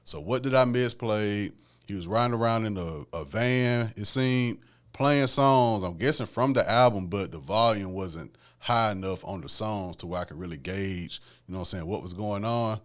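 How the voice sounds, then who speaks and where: A man's voice: lowish voice, normal speed. A man hosting a podcast alone, talking about music in a laid-back, conversational way and often adding "man" and "you know what I'm saying". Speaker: podcast host. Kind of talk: casual solo music commentary.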